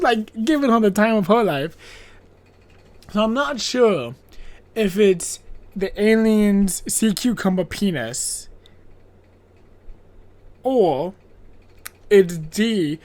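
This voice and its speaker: A podcast host rambles through a horror film recap with constant swearing and sarcastic asides. The host laughs at their own jokes. The voice sits at a middling pitch and sounds dry and close, with no room echo. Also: a little mellow. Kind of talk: casual spoken film recap.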